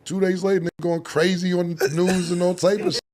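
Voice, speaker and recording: A man's voice: high voice, level tone, fast talker, a little mellow, a little hiss or hum. A man chatting casually as a guest, laid-back and slangy, laughing as he talks. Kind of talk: casual chat. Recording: crowd chatter behind.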